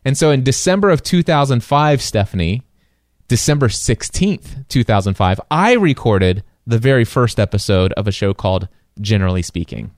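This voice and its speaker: A man co-hosting a podcast, telling a story in casual chat with animated asides. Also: mid-range voice, no echo, studio quality. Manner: animated, quick asides, acts out his own reactions. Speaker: podcast co-host.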